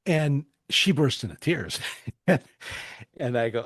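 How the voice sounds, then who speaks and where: A man's voice: medium pitch, lively intonation, takes it slowly, long pauses, slightly rough, dry recording, studio quality. A man in his forties, a podcast guest telling long anecdotes, repeating words as he thinks and laughing often. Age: 40s. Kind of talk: storytelling in a podcast interview.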